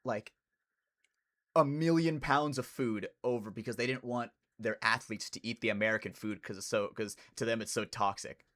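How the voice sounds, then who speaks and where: A young adult man co-hosting a podcast in loose, casual banter, speaking at a mid-range pitch. He is laid-back and says "dude" often. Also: fairly even intonation, moderate pace, fairly bright tone. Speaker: podcast co-host.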